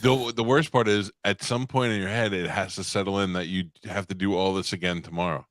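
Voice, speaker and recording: A man co-hosting a podcast who teases his friend in a needling, deadpan way. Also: sits low, fairly quick, no echo. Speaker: podcast co-host. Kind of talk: casual chat.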